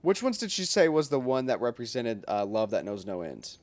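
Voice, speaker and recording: A man streaming a game, thinking aloud with many fillers and bursting into loud, excited reactions. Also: mid-range voice, fairly quick. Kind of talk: casual gaming livestream commentary. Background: game music.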